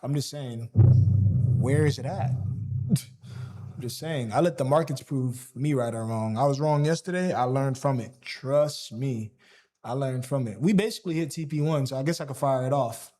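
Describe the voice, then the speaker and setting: A man commentating his own trades on a live stream. He is excitable and slangy, and he talks straight to his chat. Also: medium pitch, normal speed.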